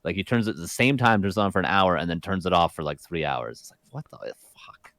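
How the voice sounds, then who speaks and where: A man's voice: low-pitched, lively intonation, quick pace, a bit bright, dry recording. A man co-hosting a casual podcast, talking in a laid-back way with wry asides and casual swearing. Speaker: podcast co-host.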